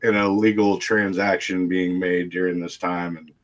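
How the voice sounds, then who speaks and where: Low-voiced and fairly flat in pitch, this man from Texas speaks at a moderate pace as a guest storyteller. He relates a crazy family story casually, laughing a lot, swearing without restraint and imitating those he quotes.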